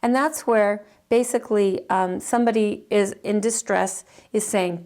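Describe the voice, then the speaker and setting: A woman's voice: medium pitch, steady tone, measured pace, few pauses, darkish tone. A middle-aged woman teaching counseling skills in a chatty, informal way, acting out sample dialogues with many fillers and restarts. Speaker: counseling instructor.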